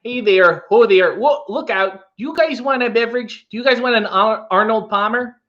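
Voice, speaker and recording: A man's voice: high voice, normal speed, a bit bright, highs cut off, pitched above the performer's own voice. A man doing a friendly, chatty Minnesotan man with a Minnesota accent, singsong and hospitable. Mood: folksy cheerful.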